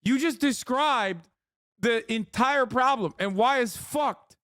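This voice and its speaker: A man with a notably high voice reacts to a video on stream, sarcastic and swearing freely. The sound is dry and close. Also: slow, fairly bright tone, no room sound. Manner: heated, profane, sarcastic rants. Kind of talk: casual reaction commentary.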